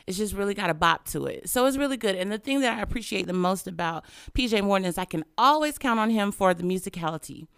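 A woman's voice: mid-range voice, animated, fast talker, creaky, hardly any pauses, fairly bright tone, clear, resonant tone, no echo, studio quality. A woman hosting a radio show, chatting playfully and laughing often. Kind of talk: casual radio chat.

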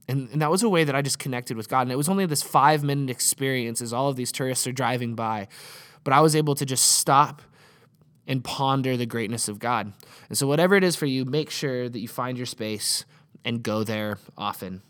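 A man's voice: medium pitch, fairly quick, fairly bright tone. Earnest young man preaching a sermon. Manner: earnest, often restarts and repeats words. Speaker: pastor. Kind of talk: conversational sermon.

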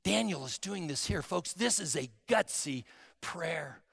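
Man preaching, high voice, gravelly edge, bright tone, emphatic swings from hushed to shouting, long hall reverb. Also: animated, a little slow. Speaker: pastor. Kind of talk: sermon.

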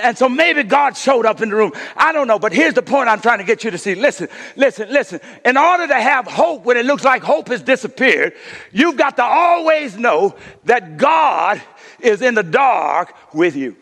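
High bright-voiced preacher man, keeps going "come on now", big echoey church. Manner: preaching with call-and-response, repeated 'come on now'. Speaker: pastor. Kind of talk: sermon. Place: church sanctuary. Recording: reverberant hall.

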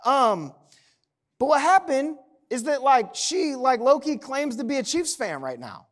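A man's voice: very high-pitched, big pitch swings, unhurried. A man preaching a sermon in a conversational, humorous way, often checking in with "right?". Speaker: pastor.

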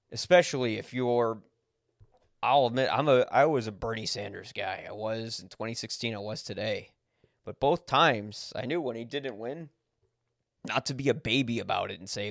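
A podcast host with a lowish, creaky voice speaks at a moderate pace in clean, studio-quality audio with no echo. His unscripted personal monologue is blunt; he swears when angry and corrects himself along the way.

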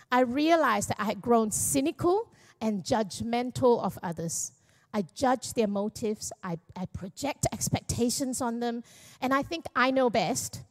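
A middle-aged woman pastor with a somewhat high voice shares a personal testimony from the church stage. She speaks candidly and pokes fun at herself, slipping jokes into a heartfelt sermon. Her tone stays conversational and unpolished. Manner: candid, self-deprecating and joking. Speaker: young adults pastor.

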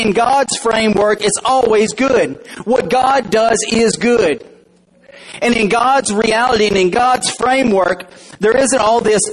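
Husky high-voiced male pastor preaching. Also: rough recording. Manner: conversational preaching with questions to the congregation. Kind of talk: sermon. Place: church.

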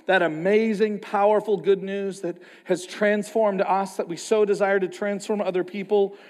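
A man preaching a sermon as a pastor, passionate, moving between quiet, reflective stretches and loud outbursts. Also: high voice, flat delivery, normal speed, long reverb tail. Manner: passionate, swings from quiet to loud, acts out quoted voices.

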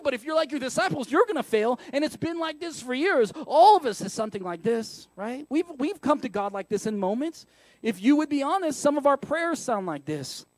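A man's voice: high-pitched, a little mellow, no echo. A man preaching a sermon as a pastor, in a candid, conversational way full of rhetorical questions. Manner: candid and self-deprecating.

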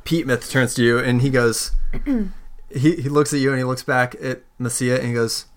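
A man narrating as game master of a tabletop role-playing game, in a relaxed, rambling way full of fillers. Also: medium pitch, moderate pace. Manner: relaxed, filler-heavy narration with quoted voices.

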